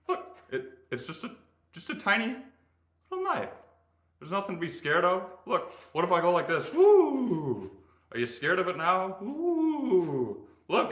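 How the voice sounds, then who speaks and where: A man's voice: fairly high pitch, sharp tone. A young man vlogging about his own life, blunt and profane, moving between joking and frustrated ranting. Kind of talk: casual personal vlog.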